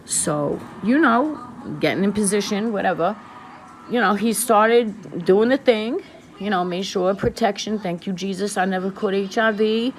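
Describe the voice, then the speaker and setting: A woman's voice: medium pitch, a little slow, slight background noise. A woman, speaking straight to her viewers in a casual, confessional storytelling vlog, emphatic and repeating herself for weight. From the Bronx, New York. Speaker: vlogger.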